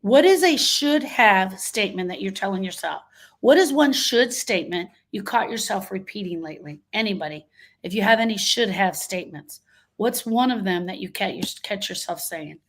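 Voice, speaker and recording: Speaking at normal speed in an animated, medium-pitched voice, a woman hosts a live grief coaching session framed as a motivational livestream. She warmly reads out audience comments, staying emphatic and heavy on rhetorical questions.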